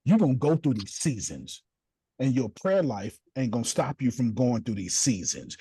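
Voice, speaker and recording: Lively husky man preaching with swings. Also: normal speed, no room sound. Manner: animated, swings from low asides to high exclamations; blunt slangy with casual swearing. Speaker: host leading a group discussion. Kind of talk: preacherly motivational talk.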